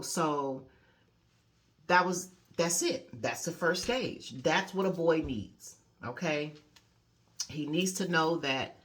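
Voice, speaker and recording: A woman life coach giving a casual motivational talk, conversational and lively, often adding "you know" and "okay". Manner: animated storyteller, acting out quotes with big pitch jumps.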